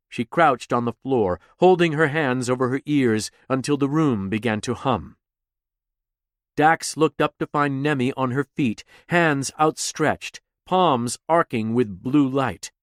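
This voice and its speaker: A man narrating a science-fiction audiobook in a measured, deliberate voice. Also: medium pitch, no echo, clean studio sound. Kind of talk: scripted narration.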